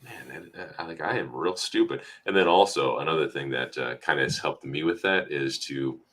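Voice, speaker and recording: A man's voice: extremely low pitch, normal speed, fairly bright tone. A man co-hosting a podcast, talking in an easygoing, reflective way with wry humor. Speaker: podcast co-host. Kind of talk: casual podcast chat.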